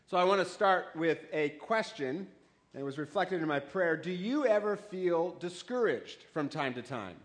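A man's voice: high voice, lively intonation, moderate pace. A man in his forties, a pastor, preaching a sermon in a joking, conversational way with rhetorical questions. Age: 40s.

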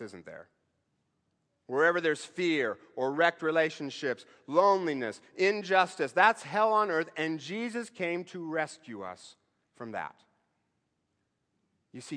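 A man with a fairly high voice delivers a sermon as a pastor. He talks to the congregation like a conversation, leaning on rhetorical questions. He builds to strong emphatic lines and then falls to a quiet hush, with the long reverb of a large hall around him. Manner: rises to emphatic bursts, then drops low and quiet.

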